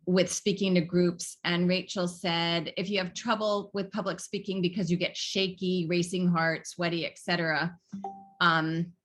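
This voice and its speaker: A woman moderating a workshop on a video call, reading out audience questions with frequent pauses and fillers. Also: on the low side, level tone, a little hiss or hum. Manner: hesitant, many "um"s, laughs lightly. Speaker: session moderator.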